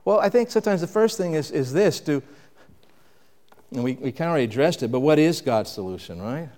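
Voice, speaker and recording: A man preaching a sermon with dynamic delivery, rising to loud emphasis and dropping to quiet reflection. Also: on the high side, animated, brisk, big-room sound. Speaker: pastor.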